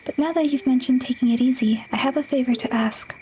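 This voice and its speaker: A polite young witch with a high, soft voice and a dark, mellow tone, as a woman acts her out while reading game dialogue. She speaks gently and courteously, often dropping near a whisper. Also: fast talker, a little hiss or hum, lightly acted, poor audio. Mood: gentle.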